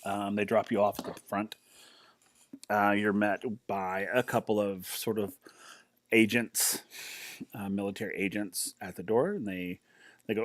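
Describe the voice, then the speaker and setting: A man's voice: fairly low pitch, flat delivery, a little slow, pauses often, no room sound. A man narrating a tabletop game as game master, chatty and rambling as he describes the scene. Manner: chatty, rambling, many fillers and restarts.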